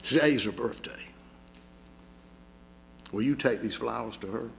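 A man voicing a poor little boy who is eager and pleading, then fading to a hush as he dies. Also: mid-range voice, measured pace, vocal fry, a little hiss or hum, voice pushed down. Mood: faint, dying.

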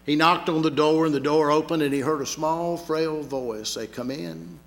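A man preaching a sermon, telling a story dramatically and swinging from loud to hushed. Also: fairly high pitch, fairly even intonation, moderate pace. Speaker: pastor.

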